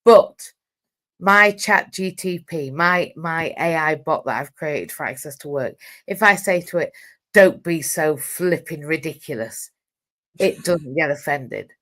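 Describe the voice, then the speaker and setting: A woman hosting an interview, telling stories in a lively way and acting out quoted lines. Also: low-pitched, a little slow. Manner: lively storytelling with quoted voices and laughs. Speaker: host. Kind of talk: casual conversational interview.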